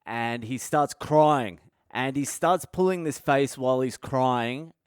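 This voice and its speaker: Profane storytelling man, smooth voice. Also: mid-range voice, slow, no room sound, studio quality. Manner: profane, candid, laughs at his own story. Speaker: podcast host. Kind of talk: casual storytelling monologue.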